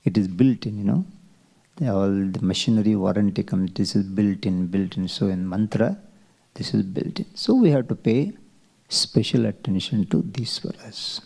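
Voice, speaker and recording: A man teaching a Vedic chanting class, explaining slowly and asking rhetorical questions. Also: on the low side, expressive, creaky, a little mellow. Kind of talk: classroom lecture.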